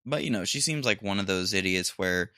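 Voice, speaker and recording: A man's voice: deep voice, animated, fairly quick, sharp tone, dry recording, studio quality. A young man hosting a podcast on his own, rambling with lots of ums and restarts and throwing in crude jokes. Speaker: podcast host. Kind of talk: solo podcast rant.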